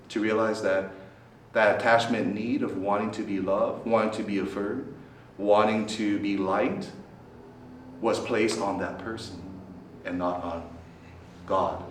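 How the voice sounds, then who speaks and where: A male priest speaks to a group of students in a meeting hall at a student center, lively and dramatic, his pitch and volume swinging widely. He keeps questioning the audience and checking in with "right?" The far-off recording carries roomy echo and a bit of background noise.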